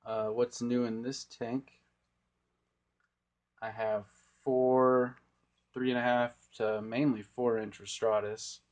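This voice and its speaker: A young aquarium vlogger gives a casual, rambling walkthrough of his home tanks, filming on a phone he holds in a room full of aquariums. His mid-range voice is level and darkish, slow-paced, with frequent pauses.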